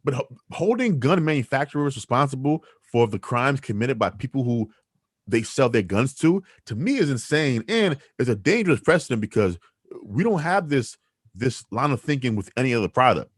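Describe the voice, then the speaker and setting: A man's voice: mid-range voice, normal speed, husky, no echo, studio quality. A man co-hosting a weekly news talk show, arguing his opinions emphatically and rhetorically. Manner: animated, emphatic, rhetorical, with restarts. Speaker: co-host. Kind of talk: opinionated news commentary chat.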